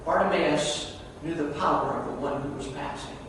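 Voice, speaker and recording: High-voiced male pastor in an echoey hall. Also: normal speed, noisy background. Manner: swings from hushed to loud and emphatic. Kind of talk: sermon. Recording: echoey hall, mic far off.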